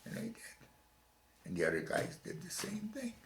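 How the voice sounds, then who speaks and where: An older man from Chicago telling his story in an oral history interview, pausing and repeating words as he goes. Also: high voice, huge pitch swings, echoey room, a little hiss or hum. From Chicago, USA. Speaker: veteran interviewee. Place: home room.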